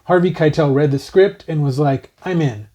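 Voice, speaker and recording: Co-host on a movie review show, dark mellow voice, laid back, tells trivia. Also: medium pitch, moderate pace. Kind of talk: casual film review chat.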